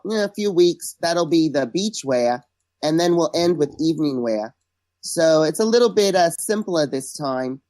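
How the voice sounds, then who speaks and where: A woman's voice: deep voice, a little mellow, no room sound. A woman being interviewed as a guest, chatting casually and gossiping with joking asides. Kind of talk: casual podcast chat.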